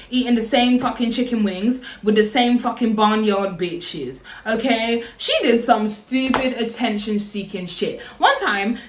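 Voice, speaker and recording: Brief: young woman, high-ish voice, loud and chatty, swears freely, echoey room. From London. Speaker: vlogger. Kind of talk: casual storytime.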